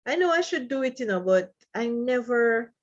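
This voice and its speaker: A woman's voice: on the high side, expressive, normal speed, highs cut off. A woman teaching freelancing in a live online session, talking casually and emotionally, with small laughs between phrases and repeated apologies. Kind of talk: live-stream chat. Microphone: computer mic on a live video call.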